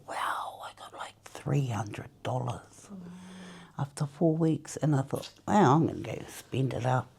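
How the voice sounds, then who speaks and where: A woman from New Zealand with a deep, warm voice, a former smoker being interviewed about quitting. She tells her story in a chatty way, laughing often and acting out what people said.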